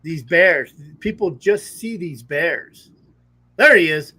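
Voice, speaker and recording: High-voiced man telling hunting stories. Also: animated, takes it slowly, bright, forceful tone, husky. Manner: rambling storyteller, laughs often. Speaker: podcast host. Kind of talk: casual chat. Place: at home in a trailer.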